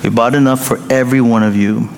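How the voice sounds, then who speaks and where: A man's voice: mid-range voice, fairly even intonation, quick pace. A middle-aged male pastor preaching a sermon in a playful, joking way, chuckling often. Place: large church hall. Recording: reverberant hall with faint noise.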